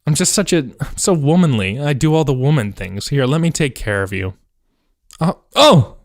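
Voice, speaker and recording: A man's voice: medium pitch, expressive, a little fast, darkish tone, dry recording, studio quality, close to an everyday voice. A man voicing a bashful, fussing homemaker woman in a spoof audio erotica skit, gasping and growing more flustered.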